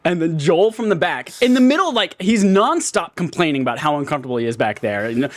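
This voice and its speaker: A man hosting a casual podcast, his voice a touch high and swinging all over the place as he laughs through his stories. The sound is dry and close to the mic. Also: fast talker, few pauses, no echo. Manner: giggly, animated storytelling with bursts of laughter. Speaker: podcast host.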